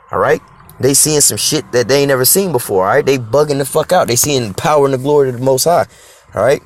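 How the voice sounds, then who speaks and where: A man's voice: medium pitch, darkish tone. A man preaching informally on scripture in an emphatic, profane street style, checking in with "all right?" and "you know?".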